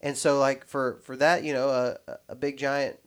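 A man's voice: mid-range voice, level tone, moderate pace, clear, resonant tone. A man in casual podcast chat, talking in loose, rambling sentences full of restarts and fillers.

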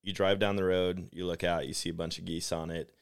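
A man with a very low, deep voice tells a story on a podcast mic, chatty and animated. He leans on "like" as a filler and keeps the telling casual. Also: a little fast, creaky, clean tone. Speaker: podcast host.

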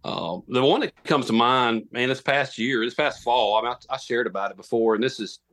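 A man's voice: mid-range voice, fairly quick, fairly bright tone. Guy in his thirties, chatty podcast guest, rambles and laughs at himself. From Tennessee. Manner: rambling, self-deprecating, many restarts. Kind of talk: casual storytelling.

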